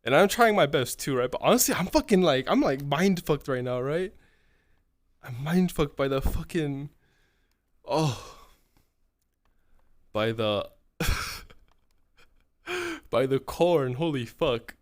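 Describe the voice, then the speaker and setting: A man's voice: a little high, very animated, slow pace, pauses often, dry recording, studio quality. A young man in his twenties telling a long profane story to his chat. He rambles, swears constantly and tacks "right?" onto nearly every phrase. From California. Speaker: streamer.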